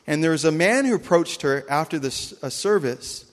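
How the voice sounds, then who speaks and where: A man's voice: fairly high pitch, lively intonation, normal speed, in a large hall. A man preaching a sermon as a pastor, earnest and storytelling, acting out the characters of a parable as he speaks.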